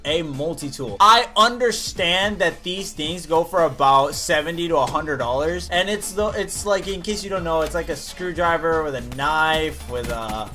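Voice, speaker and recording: A man's voice: fairly high pitch, expressive, moderate pace, few pauses, sharp tone, faint music behind. A young man, a college student, casually telling a story to his viewers, swearing freely as he goes. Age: young adult. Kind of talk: story time commentary.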